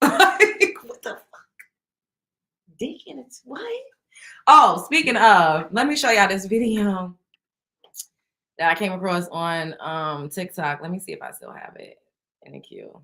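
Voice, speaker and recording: Blunt, bright-voiced woman host. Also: on the low side, measured pace. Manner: blunt, profane storytelling; laughs often while talking. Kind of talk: casual chat.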